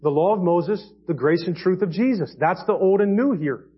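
A man preaching a sermon as pastor, earnest, swinging between quiet and emphatic passages. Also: high voice, normal speed, breathy edge. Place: church sanctuary. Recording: dull lo-fi church audio.

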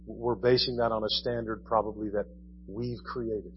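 A man's voice: lowish voice, level tone, normal speed. A male pastor delivering a sermon in an easy, conversational way, leaning on rhetorical questions. The recording is slightly muffled, and a faint hum sits behind his voice. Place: church.

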